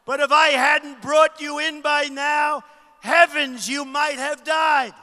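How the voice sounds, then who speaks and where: A man's voice: steady tone, slow pace, pushed and bright, exaggerated voice. A doting tender-hearted woman, read by a man. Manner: exclaiming, doting. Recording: booming reverb of a big arena.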